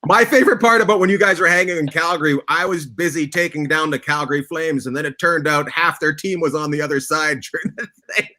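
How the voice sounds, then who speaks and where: Teasing guy hosting a video call chat, high bright voice, swears a lot. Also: fast. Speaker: host. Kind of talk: casual comedic chat.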